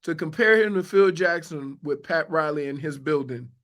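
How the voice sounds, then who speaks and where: A man co-hosting a sports radio show, talking excitably and with emphasis. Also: on the high side, normal speed. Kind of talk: casual sports radio banter.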